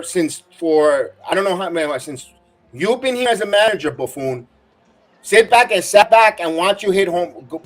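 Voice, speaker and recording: Irate high-voiced ranting baseball fan. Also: male voice, a bit bright. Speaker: watch-along host. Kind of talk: live baseball reaction commentary.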